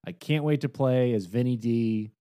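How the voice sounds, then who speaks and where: A man co-hosting a podcast, joking in a halting way about upcoming video games. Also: mid-range voice, dark tone, smooth. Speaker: podcast co-host.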